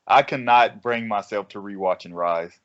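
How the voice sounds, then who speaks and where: A man's voice: on the low side, moderate pace, a bit bright, dry recording, lo-fi sound. A man on a podcast panel talking bluntly, with heavy swearing and slang. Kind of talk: casual podcast discussion.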